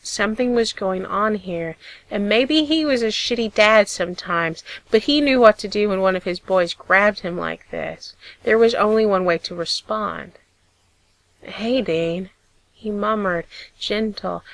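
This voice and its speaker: A woman narrating a piece of fiction in a steady, measured storytelling voice. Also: medium pitch, vocal fry, no echo, poor audio. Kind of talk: audiobook reading of fiction.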